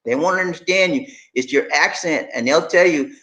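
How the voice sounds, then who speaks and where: A middle-aged man chats on a live stream in a high, bright voice and answers viewers as he goes. He is emphatic and repeats himself, calling his audience "man" and "y'all". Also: expressive, a little fast, few pauses. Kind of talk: casual live stream chat reading viewer comments.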